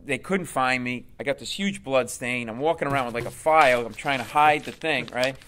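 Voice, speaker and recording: A man, a comedian, telling a comic story in an interview in an animated way. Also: mid-range voice, a little fast, clear, resonant tone. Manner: animated, acts out voices. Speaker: comedian guest.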